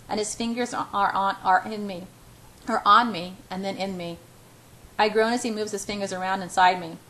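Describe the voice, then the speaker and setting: Soft-voiced woman reading romance aloud. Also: medium pitch, a little hiss or hum, low-quality recording. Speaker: audiobook reader. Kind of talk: first-person romance novel reading.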